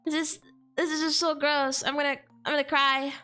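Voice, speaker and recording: Very high-pitched slangy woman streamer. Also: level tone, moderate pace, sharp tone, soft background music. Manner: slangy and exclaiming, heavy on "like" and "dude". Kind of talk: casual chat stream.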